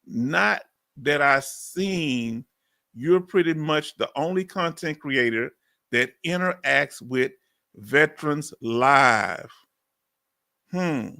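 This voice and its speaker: A middle-aged man with a strong Southern accent from Texas, loudly and folksily chatting live with his viewers as host. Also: a little high, lively intonation, takes it slowly, creaky. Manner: loud and folksy, reads out viewer comments. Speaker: livestream host. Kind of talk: casual live chat with viewers.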